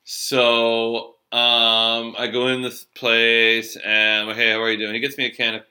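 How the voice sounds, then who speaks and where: A man's voice: mid-range voice, monotone, a little slow, sharp tone. A middle-aged man telling a loose, profane story from his cab-driving days in a casual chat. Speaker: storyteller, former cab driver.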